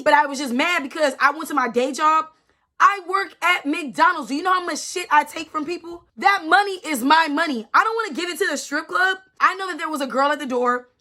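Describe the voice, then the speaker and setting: A woman's voice: high-pitched, brisk, pushed and bright. A young woman in her twenties telling a personal story in a casual vlog, emphatic and repeating herself with lots of "like". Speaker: storytime vlogger.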